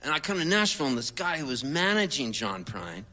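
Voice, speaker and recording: A man, a singer-songwriter, telling a comic story in an animated, chatty way with laid-back surfer slang. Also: mid-range voice, a little fast.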